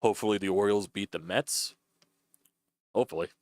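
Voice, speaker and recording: A man's voice: lowish voice, brisk, dry recording, studio quality. A young man doing loose, chatty play-by-play on a live stream, swearing freely as he calls a baseball game.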